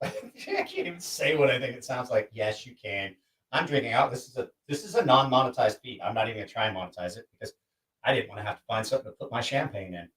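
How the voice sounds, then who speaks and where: Casting: a chatty vlog host with a husky voice and a lively, bouncing pitch. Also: male voice, quick pace. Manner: chatty, laughing, restless. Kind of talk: casual chat, testing a new microphone.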